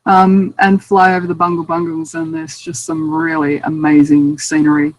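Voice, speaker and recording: A woman's voice: deep voice, little pitch movement, normal speed, no echo, low-quality recording. A woman with an Australian accent, a guest author telling travel stories in a chatty, self-amused way. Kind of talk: casual interview storytelling.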